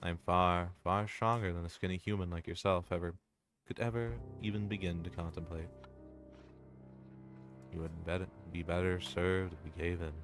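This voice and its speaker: A man's voice: sits low, little pitch movement, fairly bright tone, faint music behind. A man voicing a possessive, sneering female entity. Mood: menacing, smothering. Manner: slow, theatrical, sneering formal speech. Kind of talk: reading game dialogue aloud.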